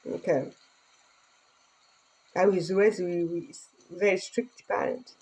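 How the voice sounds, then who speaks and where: Middle-aged woman from Tanzania, earnest casual vlog to phone, mellow husky tone. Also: lowish voice, steady tone, slow, poor audio. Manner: earnest, speaking broken English with laughter. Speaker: vlogger.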